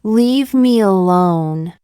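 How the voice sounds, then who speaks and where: A woman reading short example sentences one by one for English learners, in a slow, deliberate, evenly paced way. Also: medium pitch, expressive, warm tone, clear, resonant tone, no room sound, clean studio sound. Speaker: English teacher.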